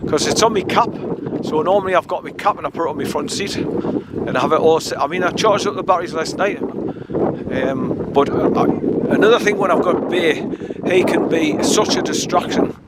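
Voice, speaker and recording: A man with a fairly high voice and moderate pace narrates casually as he walks his dog on a woodland trail by a stream outdoors. He rambles in a chatty way and coaxes the dog now and then. Recorded on a handheld camera mic, the clip has loud wind noise.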